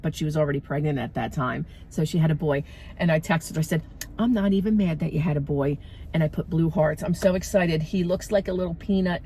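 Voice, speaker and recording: A woman's voice: mid-range voice, a little mellow, a little hiss or hum. A middle-aged woman telling a frustrating story in a casual vlog, rambling and venting with many fillers, recorded outdoors by a street. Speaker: vlogger. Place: outdoors by a street, waiting for a ride.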